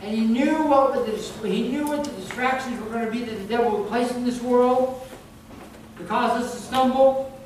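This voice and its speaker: A male pastor delivers an emphatic sermon, repeating his points and breaking into chuckles as he tells stories. His voice rings through a very echoey church hall, caught from some distance off the microphone. A steady hum of room noise sits underneath. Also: very high-pitched, moderate pace. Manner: emphatic, repetitive, storytelling with chuckles. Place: church sanctuary.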